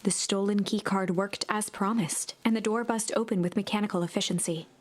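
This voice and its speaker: A woman narrating a story-driven game in a measured, gentle storytelling voice. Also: mid-range voice, fairly even intonation, close to an everyday voice.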